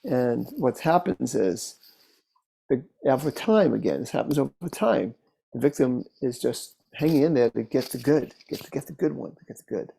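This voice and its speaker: A man working as a therapist, telling case stories in a relaxed, conversational way, with fillers and restarts. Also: mid-range voice, moderate pace, creaky, husky. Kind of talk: casual teaching talk with case stories.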